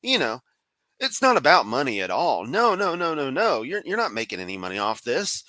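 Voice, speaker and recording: A man's voice: medium pitch, huge pitch swings, moderate pace, bright, forceful tone, no room sound. Man, streamer, sarcastic, profane, rambling, dry close sound. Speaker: stream commentator. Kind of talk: sarcastic live-stream commentary.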